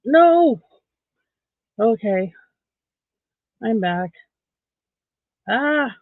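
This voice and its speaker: A man's voice: sits high, a little slow, creaky, no echo. A man chatting casually on a live stream as he crochets, counting his stitches aloud under his breath and greeting viewers by name. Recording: dry, tinny phone-like sound.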